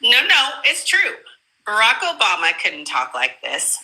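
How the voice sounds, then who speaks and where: A woman in a casual political chat, animated and emphatic, often laughing and breaking into sudden high bursts. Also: measured pace, a crowd in the background, rough recording. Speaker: guest commentator.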